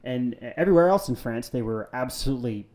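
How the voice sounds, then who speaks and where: A fast-talking man speaks as a podcast guest, earnest and reflective, circling back on his words as he thinks. His voice sits at an ordinary middle pitch, and his tone is casual and conversational. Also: animated, a little mellow. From United States. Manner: earnest, reflective, with many restarts. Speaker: podcast guest, retired army veteran.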